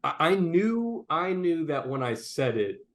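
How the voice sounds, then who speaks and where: Animated profane young man telling a story. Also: on the high side, unhurried. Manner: animated, profane, frequent "like" fillers. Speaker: podcast co-host. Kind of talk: casual storytelling chat.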